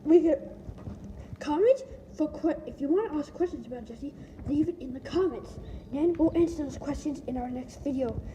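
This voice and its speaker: A woman's voice: high voice, lively intonation, moderate pace, warm tone, slight background noise, low-quality recording. A woman chatting casually while filming a puppy, rambling and restarting her sentences, sometimes trailing off into whispers. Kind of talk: casual home video chat.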